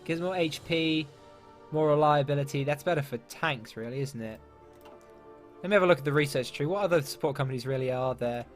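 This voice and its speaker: A man's voice: on the high side, a little fast. A man from England commenting casually on a strategy game, thinking aloud and muttering asides. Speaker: let's play gamer. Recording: faint game music behind.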